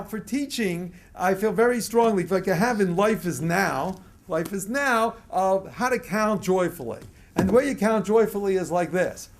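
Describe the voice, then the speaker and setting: An older man from Baltimore, a rabbi lecturing to a live audience as an animated storyteller who chuckles often and gets the crowd to join in. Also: sits high. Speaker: rabbi giving a talk.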